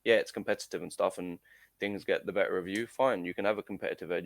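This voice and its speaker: There's no room sound as a young man with a deep voice and vocal fry tells an interview story. An amateur footballer guest, he recounts it casually and hesitantly, with many fillers and restarts.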